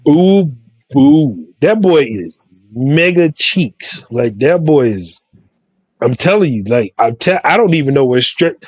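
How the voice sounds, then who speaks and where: A man with a Southern US accent co-hosting a sports show, delivering loud, repetitive, profane trash talk as a comedic rant. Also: mid-range voice, sing-song, measured pace, dry recording. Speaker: sports podcast co-host. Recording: dry, dull lo-fi mic.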